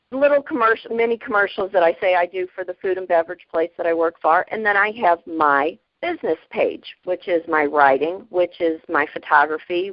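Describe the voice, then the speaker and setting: A woman in her fifties, a podcast guest, telling stories in a lively, plainspoken way, often breaking into laughter. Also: fairly low pitch, no echo, highs cut off. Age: 50s. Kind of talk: casual storytelling.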